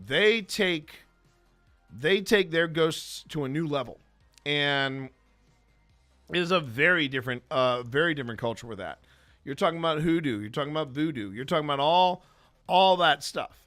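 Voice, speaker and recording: A man's voice: fairly high pitch, bright, forceful tone. A man, a paranormal investigator host, casually telling rambling stories with many restarts. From American South. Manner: rambling, frequent restarts and fillers. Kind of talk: casual storytelling Q&A.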